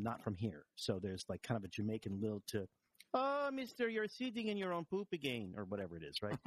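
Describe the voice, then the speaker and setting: A man's voice: lowish voice, no echo. Wry man telling hospital stories. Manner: wry storytelling with frequent restarts and self-deprecating humor. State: recovering from vertigo, a bit wobbly. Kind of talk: casual chat.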